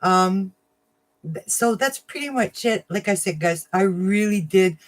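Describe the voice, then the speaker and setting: Woman chatting on her craft livestream, gets emotional, laughs a lot, pitch right in the middle. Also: animated, a little slow. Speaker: livestream host of a crafting channel. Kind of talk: casual livestream chat with viewers.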